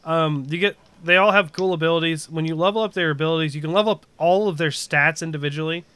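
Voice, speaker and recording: A man's voice: a little high, fast, a bit bright, smooth, no echo. A man chatting casually about a video game, rambling with lots of fillers and restarts.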